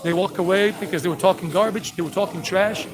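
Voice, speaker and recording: A man's voice: high voice, quick pace, a crowd in the background, low-quality recording. A man in his fifties from South Carolina, telling brash, rambling stories while leading a walking tour outdoors. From South Carolina, USA. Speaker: tour guide vlogger. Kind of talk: casual walking-tour chat. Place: outdoors on a city street. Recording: street noise behind.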